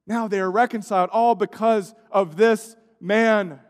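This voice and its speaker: A male pastor preaching a sermon, swinging between loud emphatic lines and hushed, quiet passages. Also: high-pitched, fairly even intonation, measured pace. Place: church sanctuary. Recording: church sanctuary with long reverb.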